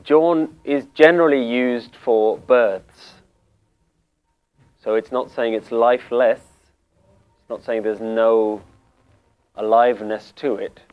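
Slow, calm male Sikh teacher. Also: medium pitch, clear, resonant tone, narrow, tinny audio. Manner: calm, deliberate, repeats key phrases. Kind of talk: slow spiritual explanation.

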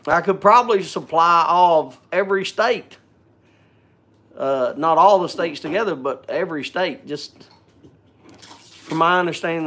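A man's voice: fairly high pitch, sharp tone. A man hosting a casual live stream, joking and chatting, greeting viewers by name, often repeating and stumbling over words.

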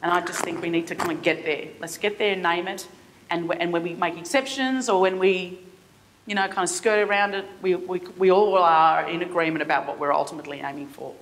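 A middle-aged Australian woman delivers a keynote address from a forum stage, her voice sitting a little low. She speaks with passion but haltingly, circling back and restarting her sentences as she builds her point. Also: steady tone. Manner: impassioned, halting with many restarts.

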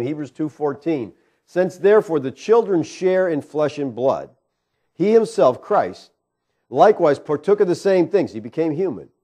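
A man's voice: on the high side, warm tone. A man preaching a sermon as pastor, emphatic and asking the congregation rhetorical questions.

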